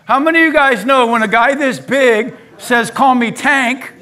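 A male pastor preaching a lively sermon in a church, talking straight to the congregation. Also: extremely high pitch, moderate pace. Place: church sanctuary.

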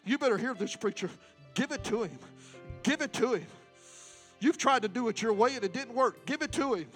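A man preaching a Pentecostal sermon and altar call in a church. He repeats lines with rising fervor and moves between quiet stretches and loud exhortation. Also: very high voice, expressive, fairly quick, soft background music. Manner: fervent, repetitive exhortation, swings from quiet to loud. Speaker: guest preacher. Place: church sanctuary.

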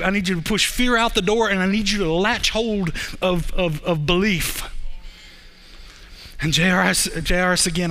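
A man preaching a sermon, telling a story in a conversational way that swings between quick bursts and slow, drawn-out emphasis. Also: high voice, sharp tone. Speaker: pastor.

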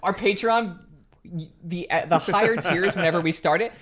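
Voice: medium pitch, moderate pace, fairly bright tone. A podcast co-host recapping a film in casual comedic chat, mock-indignant and profane.

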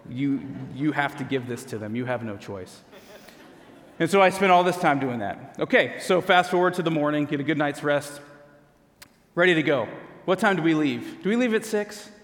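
Male pastor, thirties to forties, chatty storytelling sermon, mid pitch, long reverb of a church hall. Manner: conversational storytelling with self-deprecating humor.

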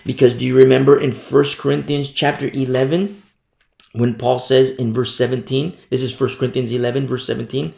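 A man preaching a sermon, repeating and stressing points, his voice climbing high when emphatic and stumbling over words as he works through scripture verse by verse. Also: fairly even intonation, fairly quick, creaky, darkish tone, reverberant. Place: church.

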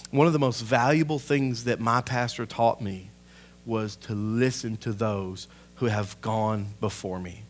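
Pastor preaching with fervor. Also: male voice, medium pitch, measured pace. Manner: impassioned preaching that swells loud, then drops to a hushed aside. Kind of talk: sermon.

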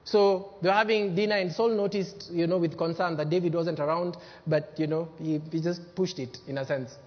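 A man preaching a sermon as pastor, emphatic, swinging between loud bursts and hushed lines. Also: a little high, steady tone, moderate pace. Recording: dull lo-fi sermon recording with long hall reverb.

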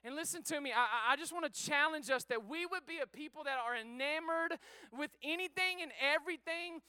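A man preaching to his congregation with a high, bright, forceful voice. He moves between easygoing, joking talk and rousing calls for praise. The sound is close and dry. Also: fairly quick, no echo. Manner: energetic, exhorting the congregation; casual and joking, says he is sweating. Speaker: pastor. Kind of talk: sermon. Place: church sanctuary before a congregation.

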